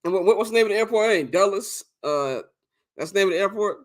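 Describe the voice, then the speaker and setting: A young adult man co-hosting a podcast, telling a long story in a casual, animated and profane way, often laughing. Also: high voice, fast talker. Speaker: podcast co-host.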